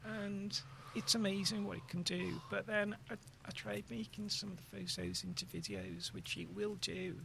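A woman's voice: medium pitch, steady tone, moderate pace, vocal fry, hardly any pauses, a bit bright, a little hiss or hum. A woman from Liverpool chatting casually in a group, plain-spoken and firm in her views.

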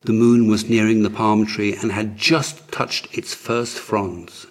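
A man narrating a historical story in a measured, dramatic way, as an audiobook. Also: on the low side, little pitch movement.

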